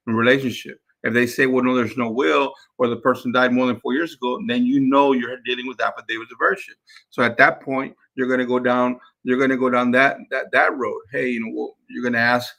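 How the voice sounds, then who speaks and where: A man's voice: mid-range voice, vocal fry, fairly bright tone. A man, a real estate investor, coaching his team in a live session, repeating points to drive them home. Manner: repeats words, drills points to his crew.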